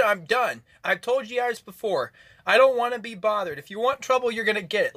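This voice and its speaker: A young man from Florida vents straight into his phone camera, agitated and repetitive, swearing as he goes. His voice sits high for a man. It has a bright, tense edge. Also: animated, normal speed, no echo. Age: 20s. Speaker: vlogger. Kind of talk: angry personal rant to camera.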